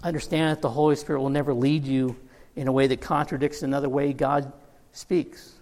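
A man's voice: mid-range voice, brisk. A middle-aged man preaching a sermon, telling a Bible story with humor and acting out the characters' lines. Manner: storytelling with humor, quoting characters in lively voices. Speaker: pastor. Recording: long hall reverb.

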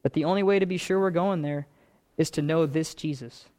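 Male pastor mid-sermon, earnest and repetitive, voice sitting a bit high. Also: a little fast, a little mellow. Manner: earnest, repetitive phrasing that builds in intensity.

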